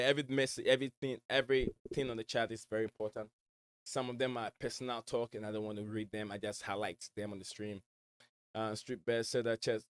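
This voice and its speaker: A West African man whose accent blends West African and American hosts a casual fan livestream from home. With a fairly low voice, he reads viewer messages in a rambling way, full of fillers and repeated words.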